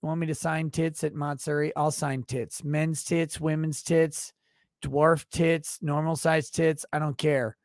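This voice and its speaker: A brash man reads viewer messages on a livestream and fires back with crude, mock-indignant rants. His voice sits fairly high for a man. The sound is dry and close, with no room echo. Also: little pitch movement, unhurried. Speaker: livestream host reading super chats. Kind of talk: crude comedic livestream banter.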